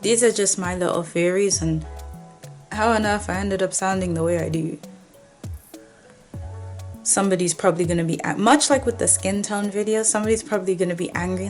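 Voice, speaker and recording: A woman's voice: mid-range voice, moderate pace, pauses often, faint music behind. Chatty young woman from Nigeria. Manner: chatty, animated, with playful put-on voices of commenters. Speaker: vlogger. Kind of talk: casual talking-to-camera chat.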